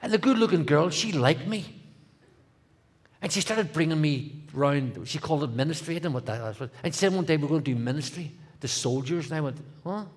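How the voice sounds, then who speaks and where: Husky Northern Irish man telling his testimony. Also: fairly high pitch, quick pace. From Northern Ireland. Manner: animated, comic, swings from hushed to loud. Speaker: guest speaker. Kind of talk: testimony storytelling.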